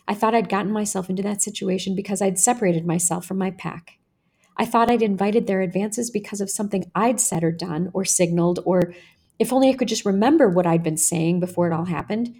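A woman podcast host reading her own personal essay aloud in a measured, earnest way. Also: medium pitch, darkish tone, husky.

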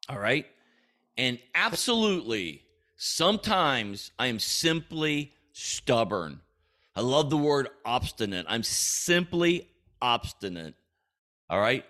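A man's voice: mid-range voice, sharp tone. A man hosting a faith-based personal coaching podcast, talking emphatically and often checking in with "all right?". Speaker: podcast host.

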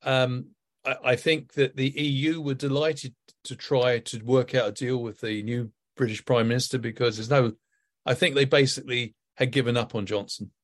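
A man giving political commentary as a podcast guest, measured and hedging his points. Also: mid-range voice, steady tone. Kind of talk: political commentary in casual chat.

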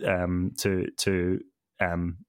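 Podcast co-host, male, low pitch, hesitant and filler-heavy delivery, dry close-mic sound. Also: monotone, very slow, a little mellow, clean tone, no echo. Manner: hesitant, many ums and self-corrections. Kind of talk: casual conversational podcast.

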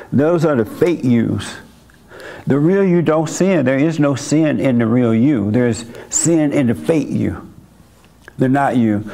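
With a creaky, warm voice of medium pitch, an older man leads a church meeting as host. He gives a member of the congregation blunt, folksy spiritual counsel, laughing softly every so often.

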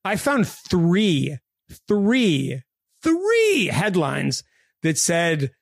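Gravelly, higher-voiced joking podcast co-host man. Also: dry recording, clean studio sound. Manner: joking, animated, quick asides. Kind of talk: casual chat.

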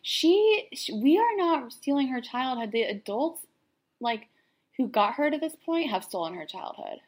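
A woman's voice: high-pitched, very animated, measured pace. A woman co-hosting a casual political chat podcast, talking emphatically with lots of "like" fillers. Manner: emphatic, filler-heavy with frequent "like". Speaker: podcast co-host.

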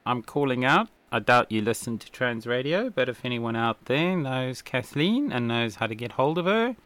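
Animated man hosting a podcast. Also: medium pitch, normal speed. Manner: opinionated, animated, laughs often. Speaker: podcast host. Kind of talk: casual political commentary.

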